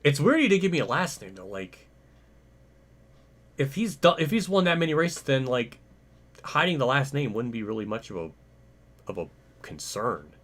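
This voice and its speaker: A man's voice: medium pitch, very animated, normal speed, pauses often, fairly bright tone. A young man hosting a gaming channel, ranting in casual commentary, exasperated, swearing and laughing it off. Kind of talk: casual gameplay commentary rant.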